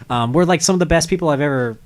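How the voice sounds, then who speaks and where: A man hosting a relaxed talk show. He rambles, restarts his sentences and lets them fade off quietly. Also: on the high side, fast. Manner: rambling, trails off softly, restarts. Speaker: host. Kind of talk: casual chat.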